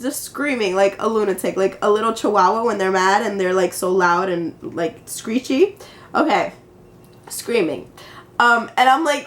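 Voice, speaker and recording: A woman's voice: medium pitch, normal speed. A young adult woman vlogging casually into her phone. She tells an exasperating story with laughter and quoted back-and-forth. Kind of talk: casual chat. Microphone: handheld phone camera.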